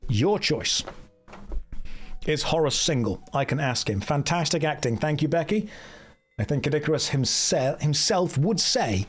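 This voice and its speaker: Man streaming, casual, joking, dry humor, slightly raised pitch, faint music underneath. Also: lively intonation, measured pace, breathy edge. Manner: joking, dry, self-mocking. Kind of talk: casual live-stream chat.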